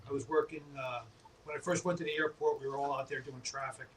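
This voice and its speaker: A man guest telling relaxed stories on a casual podcast, laughing often. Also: mid-range voice, quick pace. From New York. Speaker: guest, apparel company owner. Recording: distant mic with faint background noise.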